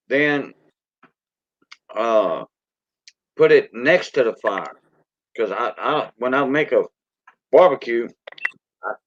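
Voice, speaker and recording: A man with a Cajun accent chats casually on a livestream, rambling in a folksy way and calling out viewers by name. His voice sits at a middle pitch. The sound is dull and lo-fi, with a dry, close feel. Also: no room sound. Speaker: livestream host.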